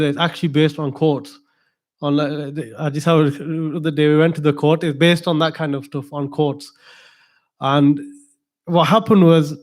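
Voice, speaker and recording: A man's voice: on the high side, darkish tone. Chatty man telling a religious story. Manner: digressive, chatty storytelling with asides to the audience. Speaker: religious teacher.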